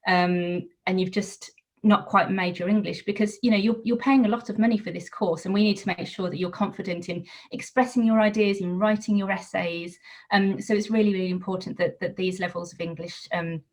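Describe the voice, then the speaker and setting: A woman's voice: mid-range voice, steady tone, a little fast. A woman representative explaining requirements earnestly in an online info session.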